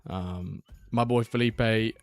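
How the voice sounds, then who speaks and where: A man hosts a live watchalong in a relaxed, rambling way, chatting to viewers and reading their messages aloud. His voice sits on the low side. Quiet guitar music plays in the background. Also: slow pace, dry recording. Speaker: streamer hosting a watchalong. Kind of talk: casual live-stream chat. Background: faint background music.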